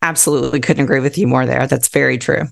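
A woman's voice: rumbling low, fairly even intonation, quick pace, gravelly. A woman speaking as a guest author and counselor in a casual interview, talking in an earnest, heartfelt and emphatic way.

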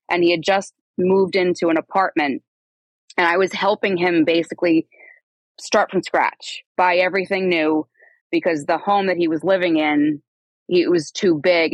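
A woman's voice: fairly low pitch, no echo, poor audio. A woman in her thirties, a podcast guest telling her own story in a conversational, rambling way with asides and self-corrections. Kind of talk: candid personal storytelling.

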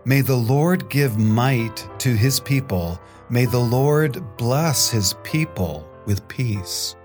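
Middle-aged priest, slow and unhurried, relaxed storyteller with chuckles, soft music behind. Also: male voice, mid-range voice. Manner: conversational storytelling, chuckles often. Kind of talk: homily and scripture reading.

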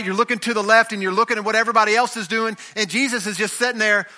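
A man's voice: sits high, fairly even intonation, racing, hardly any pauses, sharp tone. A man preaching a sermon, acting out the voices of figures from scripture as he goes. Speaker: pastor.

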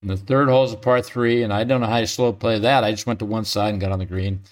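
A man's voice: lowish voice, steady tone, fast. An older man, a retired pro golfer, telling stories as an interview guest, chatty, often chuckling and restarting mid-sentence. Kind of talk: relaxed storytelling.

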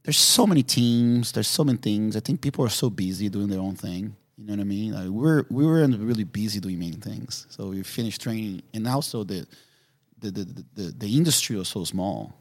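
Animated man, lowish voice. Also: brisk. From Brazil. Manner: animated, laughing, full of fillers like "you know what I mean". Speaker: podcast guest. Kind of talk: casual storytelling.

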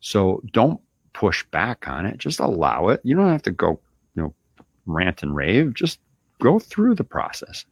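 A business owner hosting a show gives a casual coaching monologue, loose and conversational with lots of filler like "you know" and "right?". His voice is low and gravelly, with no room sound.

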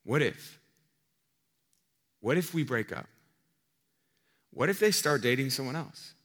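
A man preaching a sermon in a conversational way, asking rhetorical questions and swinging between loud emphasis and quiet asides. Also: mid-range voice, big pitch swings, normal speed. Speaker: pastor. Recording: long reverb of a large hall.

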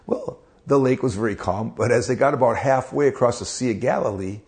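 A man's voice: medium pitch, a little fast, darkish tone. A man preaching in a conversational devotional style, earnest, asking rhetorical questions and often repeating words as he goes.

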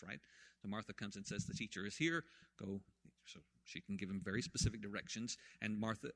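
A man preaching a sermon, retelling a story with swings from hushed to loud. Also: medium pitch. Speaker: pastor.

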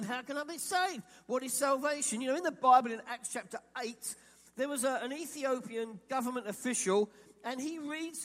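A man from England preaching a sermon, animated and quoting imagined voices as he speaks. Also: extremely high pitch, long reverb tail. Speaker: pastor.

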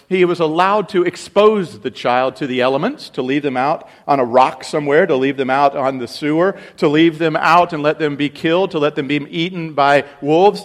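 A man preaching with a slightly high voice, moving between loud, ringing exclamations and low, hushed stretches. His delivery is emphatic and direct, pressing points on the congregation. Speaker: pastor. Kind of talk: sermon.

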